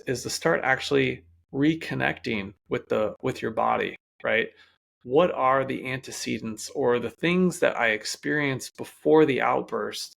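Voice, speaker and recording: A man hosting a solo podcast as a self-control coach, explaining calmly and speaking directly to his listeners. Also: medium pitch, gravelly.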